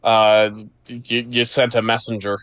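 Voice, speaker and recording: A man's voice: on the low side, level tone, normal speed, a bit bright, clean tone, no room sound. A man running a tabletop game as game master, explaining rules in an easygoing way.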